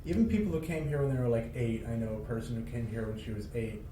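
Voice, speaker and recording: A man's voice: mid-range voice, animated, dark tone, a little hiss or hum. Dry-witted American man in echoey room. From United States. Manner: dry joking, quick asides. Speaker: podcast host. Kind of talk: casual chat.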